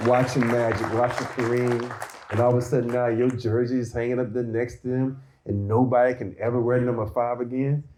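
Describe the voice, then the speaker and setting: Guest storyteller, man, animated and laughing, middle voice, live outdoor audience. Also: mid-range voice, brisk, crowd noise, background noise. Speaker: guest, former basketball player. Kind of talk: casual storytelling interview.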